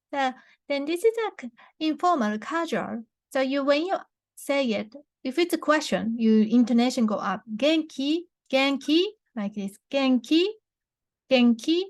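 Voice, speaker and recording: A young woman with a Japanese accent teaching a beginner language lesson, saying words slowly and clearly for repetition, with frequent restarts. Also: on the high side, expressive, no echo, clean studio sound. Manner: slow, careful model pronunciations with many restarts.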